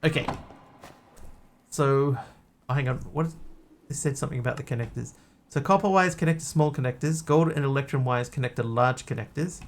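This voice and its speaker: A man's voice: medium pitch, fairly quick. A man streaming a building game, chatting casually and joking as he reads chat aloud.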